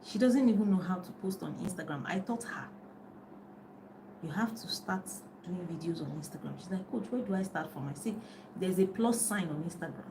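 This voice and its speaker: Lower-voiced woman coach talking chattily on a live stream. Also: expressive, normal speed, background noise. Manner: chatty, loses her thread, laughs often. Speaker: life and business coach. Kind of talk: casual live-stream talk. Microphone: phone on a live video.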